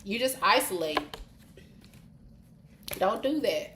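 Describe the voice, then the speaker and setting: Woman tarot reader on a livestream, informal and direct, mid-pitched voice, echoey room with faint hiss. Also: animated, slow. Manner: chatty, informal, addresses viewers directly. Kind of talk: live-streamed tarot reading. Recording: roomy echo with faint hiss.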